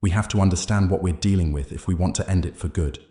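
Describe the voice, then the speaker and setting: A man's voice: deep voice, quick pace, warm tone, reverberant, natural voice. A man voicing a determined young man who leads frightened townsfolk against the darkness. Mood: steady. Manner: resolute, commanding.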